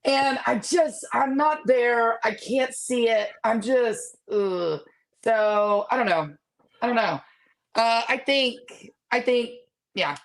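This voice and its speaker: A woman's voice: on the high side, slow pace. A woman co-hosting a casual sports talk livestream, easygoing and hesitant, with plenty of fillers. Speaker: co-host.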